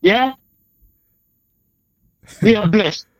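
A man's voice: high-pitched, very slow, no room sound, low-quality recording. A man from Montserrat with a Montserratian Caribbean accent, calling in to a radio show and talking in a rambling, repetitive, fervent way. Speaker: radio caller. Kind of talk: emotional call-in to radio.

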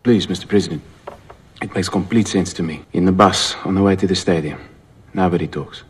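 An earnest rugby captain speaks with an Afrikaans accent. His voice is low and very husky. He speaks steadily and plainly. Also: a little fast.

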